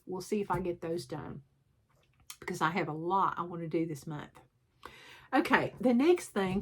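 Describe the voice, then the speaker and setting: A woman with a sore throat, rambling and poking fun at herself as she shows off her stitching in a chatty show-and-tell vlog, clearing her throat often. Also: mid-range voice. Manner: rambling, self-deprecating, frequent throat clearing. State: sore throat, sucking a cough drop. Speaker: cross-stitch vlogger.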